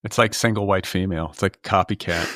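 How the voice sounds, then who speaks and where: Low-voiced rambling male podcast host. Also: fairly even intonation, fast talker, a bit bright, no echo, clean studio sound. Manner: rambling, filler-heavy, exasperated. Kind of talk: casual comedic chat. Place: Los Angeles.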